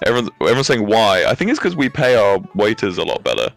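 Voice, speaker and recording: A man's voice: on the low side, huge pitch swings, rapid-fire, vocal fry, fairly bright tone, soft background music. A young man with an English accent chatting casually, rambling through anecdotes with frequent laughter and casual swearing. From England. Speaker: streamer telling stories. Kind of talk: casual chat.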